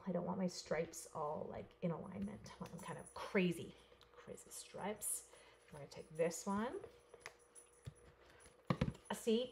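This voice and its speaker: A woman's voice: on the low side, a little hiss or hum. A woman from Canada who chats playfully with viewers while she demonstrates a paper craft project step by step. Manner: chatty, playful, talks straight to viewers. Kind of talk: live crafting demo chat.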